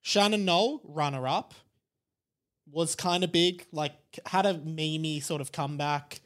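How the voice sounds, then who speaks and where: A person co-hosting a comedy podcast, bantering in quick, giggly casual chat. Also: medium pitch, fairly bright tone. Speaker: podcast co-host.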